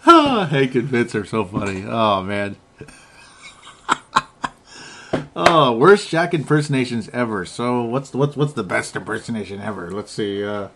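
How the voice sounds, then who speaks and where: Male podcast co-host, casual chat, loose and jokey, middle pitch. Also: sing-song, moderate pace, pushed and bright, slight background noise. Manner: rambling, laughs often, jokey.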